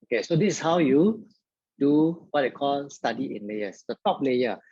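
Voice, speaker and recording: A man's voice: medium pitch, expressive, normal speed, dark tone, slightly rough, no room sound, muffled recording. A man tutoring biology in a live online lesson, talking straight to his viewers and filling his speech with "okay".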